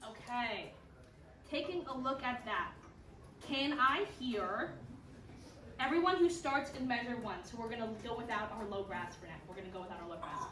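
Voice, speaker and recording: Singing rhythms aloud and cheering the players on, a woman instructs a school band mid-rehearsal. She speaks at a moderate pace with a fairly high, bright, animated voice. The room echoes, the mic is distant, instruments play in the background, and there's slight noise.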